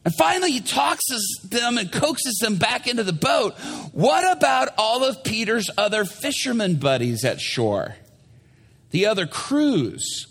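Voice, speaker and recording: A male pastor tells a Bible story with theatrical energy. His high, husky voice is bright and full of lively swings in pitch. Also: unhurried. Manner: animated, theatrical. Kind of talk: sermon storytelling.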